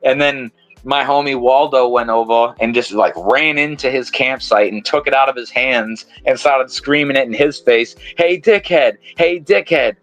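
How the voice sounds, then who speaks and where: A man's voice: medium pitch, steady tone, normal speed, few pauses, a bit bright, dry recording. A man from New England with a New England accent, hosting a podcast in casual, rambling, profane chat. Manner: rambling, profane, laughs often. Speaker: podcast host.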